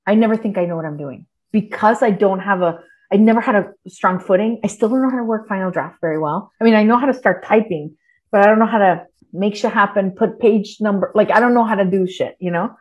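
A middle-aged woman from Texas chats as a podcast guest in a mid-pitched voice. She talks in an animated, loose way, swears freely and breaks into laughs. She is unguarded and candid. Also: quick pace, dull audio. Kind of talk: casual interview chat.

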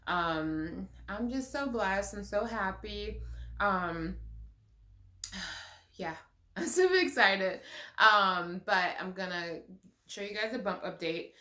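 A woman's voice: fairly low pitch, sharp tone. A young woman vlogging a casual pregnancy update, chatty and gushing, with lots of ums and likes. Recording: echoey room.

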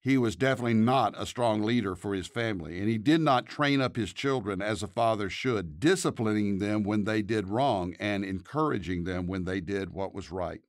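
A pastor who hosts a podcast reads a scripted devotional and leads a prayer, earnest and measured, in a voice on the low side. The studio sound is clean with no room sound.

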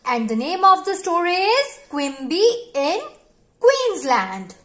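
A woman's voice: very high-pitched, very animated, slow, fairly bright tone, heavy reverb. A woman teaching a nursery English lesson to young kids, stretching out letter sounds in a sing-song way. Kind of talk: online children's lesson.

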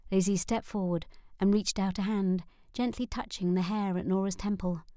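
A woman narrating an audiobook in a measured, even manner. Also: mid-range voice, smooth, dry recording. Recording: dry close studio sound.

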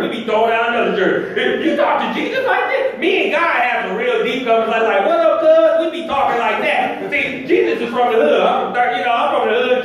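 A man preaching a lively, plain-spoken sermon in a church, slangy and teasing with his congregation. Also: extremely high pitch, slight background noise. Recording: very echoey hall, mic far off.

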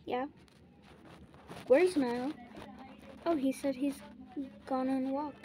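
A woman voicing a whole family in a casual role-play, full of excited exclamations and squabbling. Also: high voice. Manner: quick back-and-forth of excited exclamations and squabbling. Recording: noisy home recording.

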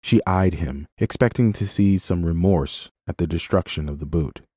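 A man narrates a novel in a measured, expressive reading voice. His tone is deep and warm. The recording is dry and close to the mic. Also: breathy edge, no room sound. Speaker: audiobook narrator. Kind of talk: scripted narration.

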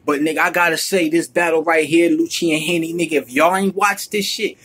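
A high-pitched man with a husky edge to his voice rattles off a hyped, profanity-heavy recap. He loops the same phrases again and again, swinging from shouts to mutters. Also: fairly even intonation, brisk, hardly any pauses. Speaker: battle rap reviewer. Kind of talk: excited casual recap.

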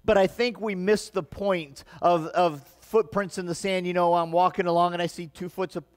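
Man, pastor, Midwestern accent, higher-pitched voice, earnest sermon, long church reverb. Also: fairly even intonation, normal speed. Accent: Midwestern American. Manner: earnest, conversational preaching with rising emphatic passages. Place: church sanctuary.

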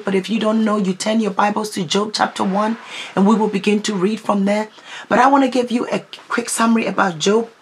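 A woman's voice: medium pitch, slight background noise. A woman preacher delivering a fervent prayer-marathon sermon with repeated declarations. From United Kingdom. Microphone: livestream.

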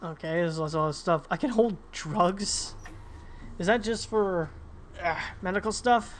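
A man's voice: high voice, unhurried, a little hiss or hum. A man playing a game and chatting casually, reading in-game notes aloud and reacting to them. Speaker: let's-play gamer.

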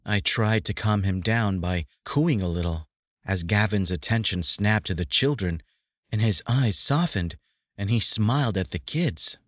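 Low-voiced man narrating an audiobook. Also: no room sound. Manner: steady measured reading of a female first-person narrator. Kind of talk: audiobook narration of a romance novel. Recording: dry dull lo-fi recording.

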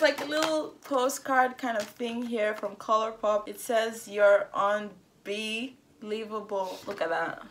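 A young woman with a fairly high voice vlogs from home, gushing and gasping over a makeup unboxing. A faint hiss of noise sits under her voice. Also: slow, hardly any pauses. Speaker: beauty vlogger. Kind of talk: excited unboxing vlog.

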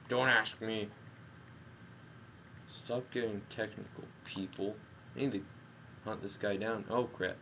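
Young gamer guy, unhurried talk that jumps into yelps, dull headset mic with faint hiss. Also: lowish voice. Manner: excitable, jokey, yells at the game. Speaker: gameplay commentator. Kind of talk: casual gameplay commentary. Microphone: gaming headset.

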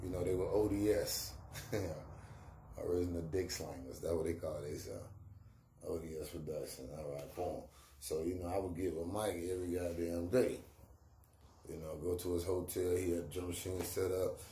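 A man's voice: low-pitched, steady tone, normal speed, mellow. A middle-aged man, a rapper, telling stories about his career in casual street slang, acting out the voices of the people he quotes. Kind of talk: casual storytelling. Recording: echoey room with faint ambient noise.

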